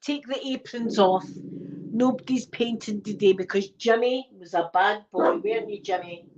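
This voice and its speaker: A woman's voice: mid-range voice, moderate pace, a little mellow, dull audio, slight background noise, close to an everyday voice. A Scottish woman voicing a harsh, sadistic female schoolteacher giving bossy orders. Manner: bossy, commanding.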